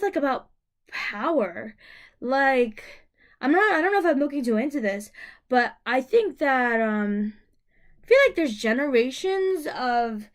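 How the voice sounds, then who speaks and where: A young woman vlogger telling a personal story to camera, emotional and rambling, with many fillers and restarts. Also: fairly high pitch.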